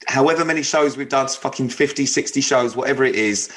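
A man's voice: medium pitch, fast talker. A man co-hosts a radio dating show in loose, casual banter. He swears freely and gives advice with easy-going humour. His voice sits in a middle register. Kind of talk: casual chat.

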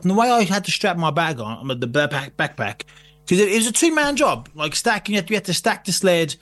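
High-voiced man telling a sweary story. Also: sing-song, fairly quick, fairly bright tone. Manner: swears freely, laughs through anecdotes. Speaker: podcast guest. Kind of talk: casual storytelling chat.

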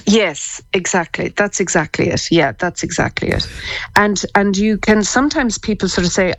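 A woman's voice: mid-range voice, moderate pace, no echo. A woman, a psychotherapist guest on a radio interview, explaining things in a chatty way and laughing easily.

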